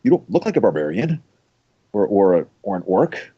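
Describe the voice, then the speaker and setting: A man's voice: on the low side, sing-song, normal speed, slightly rough, no room sound. A man playing a stammering courtly noble. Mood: flirting. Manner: stammering, courtly speech with many restarts. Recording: dull lo-fi mic.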